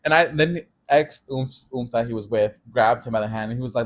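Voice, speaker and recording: Animated young man telling a story. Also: medium pitch, brisk, few pauses. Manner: animated storytelling, laughs often, swears casually. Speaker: podcast co-host. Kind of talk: casual chat.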